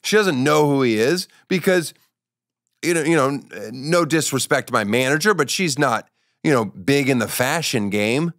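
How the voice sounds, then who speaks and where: A man's voice: medium pitch, normal speed, fairly bright tone, dry recording, studio quality. A man hosting a comedy talk show, joking and telling stories in a wry, offhand way. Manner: joking, wry, storytelling asides. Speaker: show host. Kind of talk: casual comedic interview and monologue.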